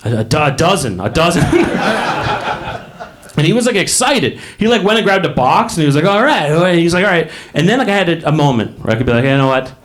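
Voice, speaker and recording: On a club stage, a man with a high, animated voice moves fairly quickly through his stand-up routine. He tells meandering stories and mimics the voices of the characters, while the crowd's laughter carries through the live recording.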